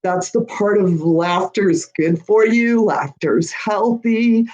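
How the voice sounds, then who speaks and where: A woman's voice: medium pitch, slow, a little mellow, muffled recording. A woman hosting a live-stream Q&A who reads out viewer comments and talks in a chatty, encouraging way, often checking in with "all right?". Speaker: host of a witchcraft channel.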